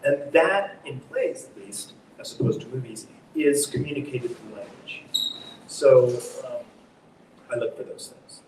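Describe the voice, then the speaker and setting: A man's voice: medium pitch, measured pace. Middle-aged male theater director, guest on a live talk show; reflective, punchy on stressed words; distant mic, echoey hall. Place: underground market stage. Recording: echoey public space, distant mic, faint noise.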